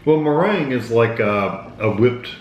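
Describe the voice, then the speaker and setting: A man co-hosts a casual snack-tasting video, relaxed and quick with joking asides. His voice sits at a middling pitch. The recording is roomy, with faint noise behind him. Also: muffled recording. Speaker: co-host. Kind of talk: casual food tasting chat.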